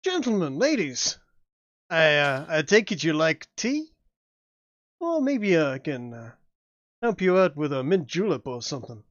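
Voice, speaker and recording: A man voicing a wealthy elderly gentleman who puts on a fake Southern accent, speaking in halting phrases full of ums. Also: fairly high pitch, sing-song, no echo, highs cut off. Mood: hospitable.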